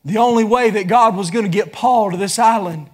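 A man preaching a sermon, building into fervent shouts. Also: high voice, a little fast. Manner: impassioned, rising into shouts.

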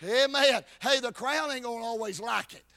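A man preaching a shouted revival sermon with a chanted cadence, folksy rural speech and frequent calls of "Amen". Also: very high-pitched, normal speed.

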